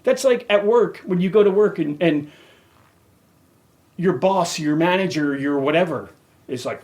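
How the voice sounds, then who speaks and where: Heated, swearing man with lively pitch. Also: brisk. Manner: profane, heated, emphatic. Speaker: podcast host. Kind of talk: angry rant.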